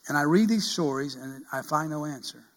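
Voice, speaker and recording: A middle-aged male pastor preaching with a somewhat high voice. He talks in earnest, rising to loud cries and dropping to hushed pleading. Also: expressive, fairly quick. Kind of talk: sermon.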